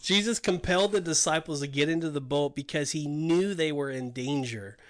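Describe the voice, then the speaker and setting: High-voiced man discussing Scripture. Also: moderate pace. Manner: acts out what people say in lively asides. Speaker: podcast co-host. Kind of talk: casual Bible discussion.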